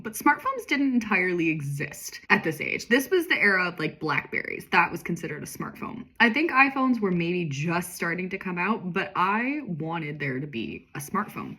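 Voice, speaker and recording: A young woman reading aloud a story she wrote as a child, with amused, self-mocking commentary, slipping into quick voices for the characters. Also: mid-range voice, a bit bright, breathy edge.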